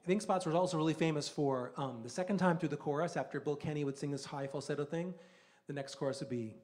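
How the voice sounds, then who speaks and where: A man's voice: a little high, fast, darkish tone. A man singing in a vocal quartet, chatting casually to a small live audience between songs with plenty of ums and likes. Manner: casual, chatty, with many fillers. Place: small live music venue.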